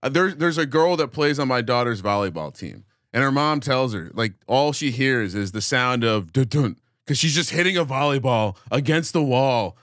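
A man's voice: mid-range voice, expressive, normal speed, few pauses, fairly bright tone, dry recording. Middle aged guy on a betting podcast, dry sound, wry teasing tone. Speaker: podcast co-host. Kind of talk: casual sports betting podcast chat.

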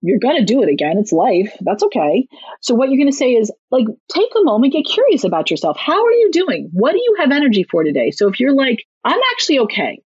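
A woman with a husky, slightly breathy voice gives parenting advice in a casual interview, animated and quick to act out little bits of dialogue. The sound is dry and close, a touch dull and lo-fi. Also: a little high, no echo. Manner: animated, acts out parents' and kids' lines in quick asides. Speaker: guest parenting author and clinical social worker.

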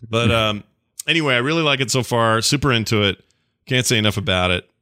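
A man's voice: mid-range voice, pushed and bright, smooth, no room sound, clean studio sound. A man co-hosting a podcast, chatting casually and enthusiastically about a video game. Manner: enthusiastic, rambling, quick asides. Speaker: podcast co-host.

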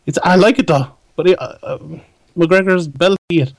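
A young man co-hosting a podcast, excitable with crude banter. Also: high voice, normal speed, no room sound. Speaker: podcast co-host. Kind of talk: casual chat.

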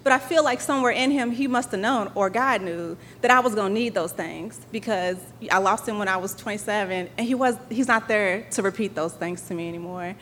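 A woman telling a personal story live on stage before an audience, animated and laughing as she acts out dialogue. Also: mid-range voice, fairly quick, few pauses, slight background noise.

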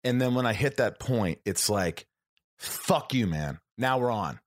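A man in casual conversation, telling stories with animated quoted dialogue and frequent swearing. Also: lowish voice, unhurried. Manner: animated storyteller, acts out quotes, swears often. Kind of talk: casual storytelling chat.

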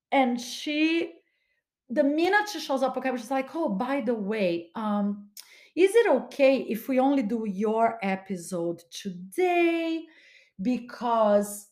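A woman hosts her podcast and tells a personal story with plenty of drama. Her voice sits a little high, and she slips into quoted voices as she goes. Her delivery is casual and chatty. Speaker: podcast host. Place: home studio, California.

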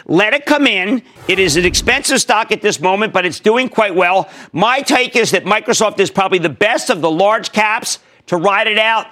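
Emphatic, animated male TV market host. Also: moderate pace, hardly any pauses. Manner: emphatic, swings between loud high bursts and low asides. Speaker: host of a TV stock market show. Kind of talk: energetic market commentary and call-in.

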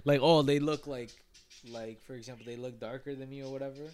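A young man in his twenties co-hosting a podcast, chatting casually with slang and frequent swearing, getting animated in his rants. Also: mid-range voice, fast talker, clean tone. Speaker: podcast co-host. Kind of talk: casual chat.

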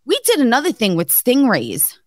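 A woman's voice: fairly high pitch, normal speed, dry recording. A woman co-hosting a podcast, telling stories with lots of swearing and laughter in a casual chat. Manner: animated storyteller, swears freely, laughs often. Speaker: podcast co-host.

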